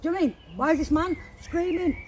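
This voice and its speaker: A woman with a high voice tells a story outdoors, swearing freely and speaking with heat. She is on a walk, with faint outdoor noise behind her. The chat is casual. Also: very fast, a little mellow, rough recording. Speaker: walking companion.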